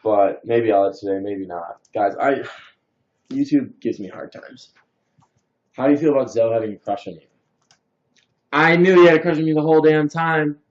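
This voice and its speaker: A man's voice: mid-range voice, expressive, moderate pace, pauses often. A young man casually rambling through a story and reading out viewer comments on a livestream, with lots of fillers. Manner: answers viewer comments and thanks them. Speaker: livestream host. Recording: dull lo-fi stream audio.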